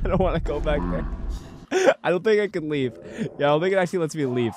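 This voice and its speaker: A man hosting a casual let's-play, excitable, stammering and laughing often. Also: on the high side, quick pace. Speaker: gaming channel host. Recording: noisy background.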